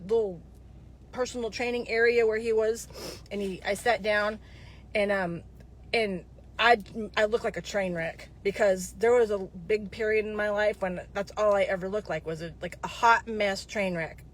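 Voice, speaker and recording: A woman's voice: mid-range voice, steady tone, moderate pace. A woman in her fifties talking casually to her viewers, rambling from one story to the next, with frequent digressions and restarts. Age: 50s.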